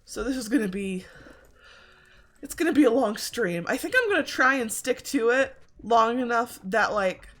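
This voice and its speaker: A woman's voice: on the high side, animated, moderate pace, fairly bright tone. A woman streaming a video game, chatting casually and joking at her own expense, with a slightly congested throat. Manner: chatty, self-deprecating, swearing. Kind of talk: casual gaming commentary.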